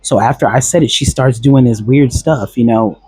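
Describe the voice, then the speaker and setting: A man talks through a personal story in a loose, rambling way, circling back with fillers and restarts. His voice sits at an ordinary pitch with a husky edge. The sound is dry and close, with no room echo. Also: moderate pace, dark tone. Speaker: vlogger recounting a past relationship. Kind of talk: casual storytelling monologue.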